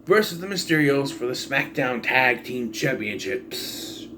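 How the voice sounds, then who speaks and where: A man's voice: medium pitch, unhurried, background noise. A young man giving a casual, opinionated wrestling recap, often exasperated and swearing. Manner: animated, exasperated ranting with profanity. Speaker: wrestling pay-per-view reviewer.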